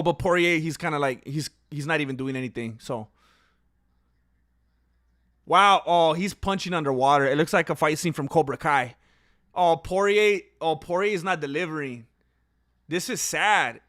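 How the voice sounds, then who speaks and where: Young male fight-stream commentator, high and bright voice, opinionated, talks to viewers, gets loud in close moments. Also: normal speed, pauses often. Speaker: fight watch-along commentator. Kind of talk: casual live reaction commentary.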